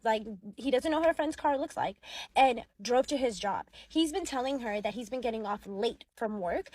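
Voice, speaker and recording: Husky, higher-voiced young woman recapping drama for her followers, chatty and lively. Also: dry recording, poor audio. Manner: chatty, animated, acts out quotes. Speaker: social media commentator. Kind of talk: casual story recap.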